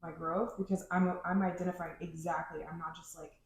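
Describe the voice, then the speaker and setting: A woman's voice: lowish voice, little pitch movement, brisk. A woman co-hosting a podcast, talking in a loose, rambling way full of "like". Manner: rambling, heavy use of "like". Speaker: podcast co-host. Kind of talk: casual chat. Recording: very echoey room.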